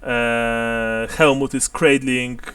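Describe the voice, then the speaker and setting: A man's voice: medium pitch, little pitch movement, extremely slow, a bit bright, smooth, no echo, recorded from a distance. A man narrating and explaining rules as game master of a tabletop game, laughing often.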